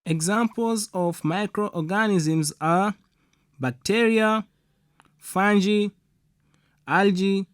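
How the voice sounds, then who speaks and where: Slow high-voiced male student. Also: clear, resonant tone, faint music behind. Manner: careful, recited answers. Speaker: student in the lesson.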